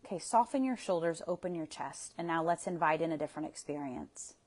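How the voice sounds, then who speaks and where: A woman's voice: low voice, animated, fairly quick, darkish tone. A woman coach guiding listeners through a tapping session, speaking with soothing guidance and audible sighs between prompts.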